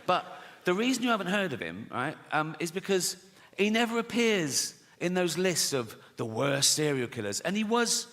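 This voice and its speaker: High-pitched and very animated, a middle-aged man rants at normal speed in a bit bright voice, swearing and feigning outrage through his stand-up routine. It's recorded live on a theater stage before an audience, with long hall reverb and background noise.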